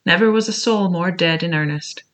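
A reader with a bright, clear tone tells an old adventure tale in a measured, expressive way. The narration is scripted and steady, with each sentence shaped for the listener. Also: medium pitch. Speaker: audiobook reader.

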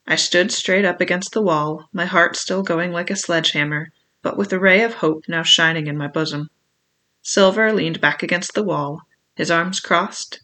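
A reader giving steady first-person audiobook narration of an adventure novel. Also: medium pitch.

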